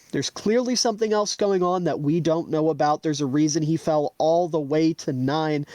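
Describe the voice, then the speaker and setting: A slightly high-voiced man co-hosting a sports podcast, laying out a confident, detailed case with plenty of enthusiasm. He is recorded dry and close. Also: a little mellow, no room sound. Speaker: podcast co-host. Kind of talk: casual sports analysis.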